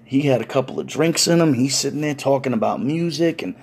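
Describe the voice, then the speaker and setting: A husky-voiced man tells a story in laid-back, profane street slang. His voice sits mid-range. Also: medium pitch, animated, brisk, a little mellow. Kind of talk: casual comedic storytime.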